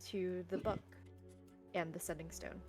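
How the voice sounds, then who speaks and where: A woman narrating as game master in a tabletop role-play, explaining calmly. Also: lowish voice, unhurried, music in the background.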